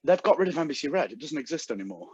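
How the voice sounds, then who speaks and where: A man's voice: on the high side, big pitch swings, rapid-fire, a little mellow, slightly rough, no echo, highs cut off. A British man co-hosting a comedy podcast over a video call, telling stories animatedly and mimicking the people he quotes. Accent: British English. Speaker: podcast co-host. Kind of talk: casual comedy banter.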